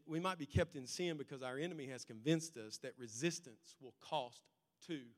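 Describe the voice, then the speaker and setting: A male pastor preaching a sermon, telling stories in an animated way that swings between loud and quiet. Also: medium pitch, normal speed. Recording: long reverb in a large hall.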